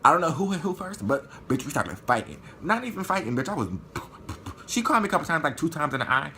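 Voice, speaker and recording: A man telling a story in a vlog, animated and profane, acting out what people said. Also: fairly high pitch, fast talker, slight background noise. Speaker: vlogger.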